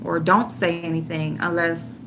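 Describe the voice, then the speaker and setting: A woman's voice: on the low side, little pitch movement, a little slow, background noise. A middle-aged woman venting in casual livestream chat, frank and loose, swearing freely as she talks to viewers. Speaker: livestream host.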